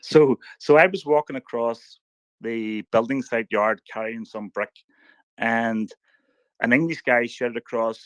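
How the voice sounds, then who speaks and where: A middle-aged man with an Irish accent argues his side in a live audio chat, stumbling and repeating himself as he pushes to be heard. His voice sits at an ordinary pitch. The recording is dry and close, with no room sound. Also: steady tone, no echo. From Ireland. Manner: halting, repeats words while trying to get a turn.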